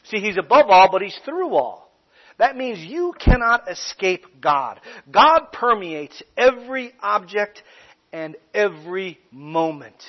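A male pastor preaching a sermon, leaning hard on key phrases and slowing them down. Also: sits high, muffled recording. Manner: emphatic preaching with slow stressed phrases.

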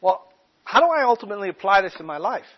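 High-voiced pastor preaching emphatically. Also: male voice, very animated, husky, highs cut off. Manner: emphatic preaching with slow stressed phrases. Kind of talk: sermon.

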